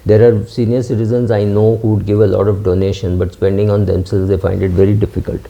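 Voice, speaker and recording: A man's voice: lowish voice, little pitch movement, quick pace, gravelly, warm tone. A middle-aged man hosting a finance channel, answering viewer questions in a casual, hesitant way, with many fillers and restarts. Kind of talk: casual talk reading and answering comments. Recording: dull lo-fi sound.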